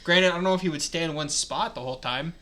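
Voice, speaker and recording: A woman's voice: sits low, fast talker, fairly bright tone. A woman co-hosting a comic reading of fan fiction, joking around in playful, giggly banter. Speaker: co-host reading aloud. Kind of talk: casual chat and comic reading aloud.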